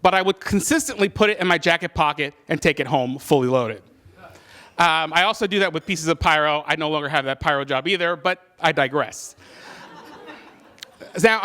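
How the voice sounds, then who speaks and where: A man's voice: a little high, sharp tone. A man telling a personal story live, conversational and self-deprecating, with many fillers. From California.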